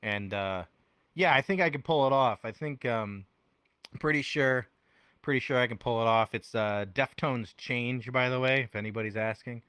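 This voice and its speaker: Young male podcast guest, bright and lively, animated storyteller, dry close sound. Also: normal speed, smooth, no echo. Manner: animated storyteller, acts out quotes with big pitch jumps. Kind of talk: casual chat. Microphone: headphones on.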